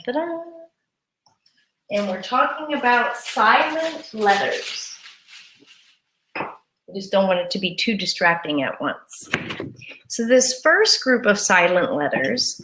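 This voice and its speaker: A woman teaching a live English lesson, saying words slowly and carefully and repeating them for learners. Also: fairly high pitch, sharp tone. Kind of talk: live-streamed grammar lesson.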